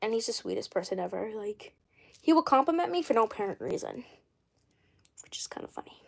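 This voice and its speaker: A woman hosting a casual doll livestream, rambling and often clearing her throat. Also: on the high side, huge pitch swings, a little fast. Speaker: doll channel host.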